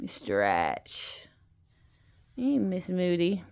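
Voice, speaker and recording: A woman's voice: mid-range voice, slow pace, pauses often. A woman at home chatting casually while filming her cats, laughing often and cooing at her pets. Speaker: pet vlogger. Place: at home, indoors.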